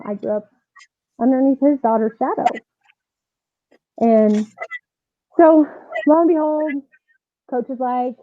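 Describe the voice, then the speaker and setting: A woman's voice: sits high, measured pace, pauses often, no room sound. Earnest woman on a tinny line. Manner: earnest, animated retelling with many "like" fillers. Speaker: softball coach, podcast guest. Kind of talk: personal storytelling in an interview. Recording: tinny phone-like dry line.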